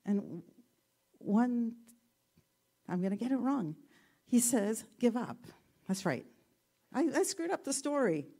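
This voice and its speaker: A woman giving a gentle, reflective talk and telling a story, with self-deprecating humor. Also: fairly high pitch, very animated, a little slow, pauses often.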